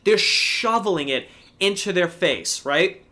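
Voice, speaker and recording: A man co-hosting a casual livestream, telling a story in an animated way and swearing freely. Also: high voice, a little slow. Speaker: co-host.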